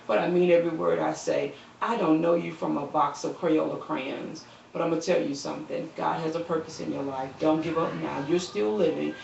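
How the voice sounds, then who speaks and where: A woman's voice: sits low, normal speed, creaky, few pauses, a little hiss or hum. Impassioned woman preaching into a phone. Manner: impassioned, swells into shouting then drops soft; quotes scripture, repeats phrases. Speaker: live-stream speaker. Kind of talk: preaching-style appeal. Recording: roomy, distant, dull phone recording.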